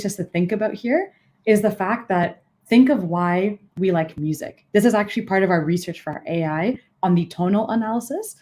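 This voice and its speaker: A young woman coaching job seekers in a live online workshop, energetic, with frequent "so" and "okay" as she shifts emphasis. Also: fairly low pitch. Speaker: interview coach.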